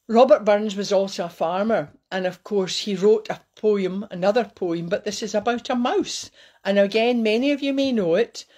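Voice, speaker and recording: A woman giving a light, cheeky talk to her viewers and slowing down to recite verse. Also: medium pitch, dark tone. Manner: cheeky, playful, slows down to recite. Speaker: host giving a Burns Supper talk. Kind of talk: casual talk with poetry recitation.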